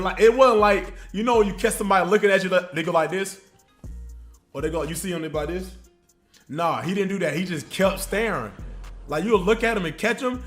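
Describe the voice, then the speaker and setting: A man tells a story on his livestream in a loose, slangy, animated way and keeps looping back with asides. His voice sits a little high, and quiet music runs under him. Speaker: streamer telling a story.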